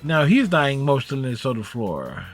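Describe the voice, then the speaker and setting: A man with a mid-pitched voice reads a game's story text aloud in the first person. He keeps a steady pace and trips over a word now and then before correcting himself. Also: a little slow, faint music behind. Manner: steady reading with small slips and restarts. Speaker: streamer reading a game story aloud.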